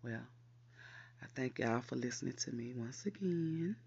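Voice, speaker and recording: Host voice: a man with a husky, gravelly tone, leading affirmations, lo-fi recording. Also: medium pitch, expressive, darkish tone. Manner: repeats lines slowly for emphasis, encouraging. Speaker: podcast host. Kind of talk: spoken affirmations.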